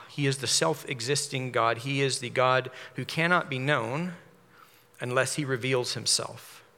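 A man preaching a measured sermon, explaining a psalm verse by verse. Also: medium pitch, pushed and bright. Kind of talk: expository sermon. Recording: long hall reverb.

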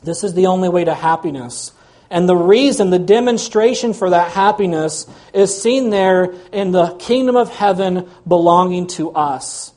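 Guy preaching a sermon, fairly high voice, earnest and punchy. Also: normal speed, darkish tone. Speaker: pastor.

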